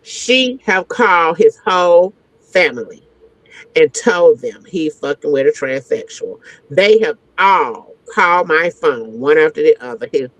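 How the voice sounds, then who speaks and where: A woman's voice: low voice, animated, a little slow, no echo. Frank, slangy woman telling a wild story. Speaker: guest entertainer. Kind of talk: animated storytelling. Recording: dull lo-fi, dry sound.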